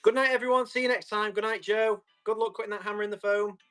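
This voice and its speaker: A live-stream tool seller talks fast in a high, steady, slightly bright voice, with soft music playing behind him. In relaxed auction chat, he responds to viewer comments and explains each item while trying it.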